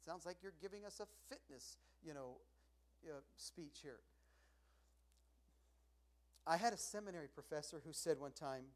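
A middle-aged man delivers a sermon as a pastor, with a voice pitched a little higher than most men's. He preaches in a loose, conversational way, swinging from loud, pushed lines down to hushed ones.

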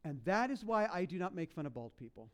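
A man preaching a sermon, telling a story in a lively, jokey way and slipping into voices for the characters. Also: high voice, fast, slight background noise. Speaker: pastor.

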